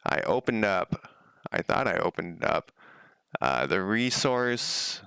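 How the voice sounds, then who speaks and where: A man's voice: sits low, very animated, slow, vocal fry, bright, forceful tone, clean tone, no room sound, studio quality. A man streaming himself working on a game at home, thinking aloud in a casual, rambling way and often correcting himself. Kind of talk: casual live-coding commentary.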